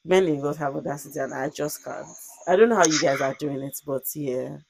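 A young woman telling a story in casual conversation, animated and expressive, acting out quotes and using lots of fillers. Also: deep voice, brisk, vocal fry, noisy background. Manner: frequent "like" fillers.

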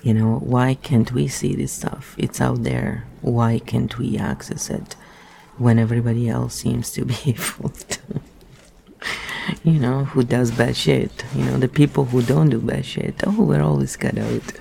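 A man's voice: medium pitch, steady tone, unhurried, gravelly, warm tone, a little hiss or hum. A man reading a book aloud and breaking off into rambling, musing asides. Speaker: reader.

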